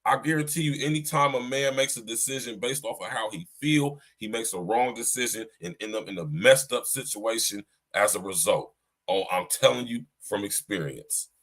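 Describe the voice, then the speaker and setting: In his livestream commentary, a male podcast host speaks at normal speed in a mid-range, fairly bright voice. He's preachy and repetitive, speaking directly to his listeners as he lectures them.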